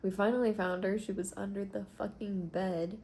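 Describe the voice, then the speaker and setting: A woman's voice: medium pitch, steady tone, normal speed, warm tone, slightly rough. A woman chatting in a casual vlog from a hotel room, rambling with lots of fillers and swearing freely. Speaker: vlogger.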